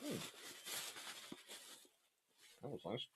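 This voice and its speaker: A man's voice: extremely slow, fairly bright tone. A man hosting a casual live question-and-answer session on naval history. He reads viewer questions aloud and answers them offhand while eating between remarks.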